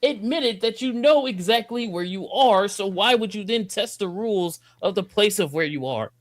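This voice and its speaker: Podcast co-host, male, profane ranter who gets loud, dead-dry recording. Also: high voice, normal speed, dry recording. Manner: animated, profane ranting that climbs to near-shouting. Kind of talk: casual review chat.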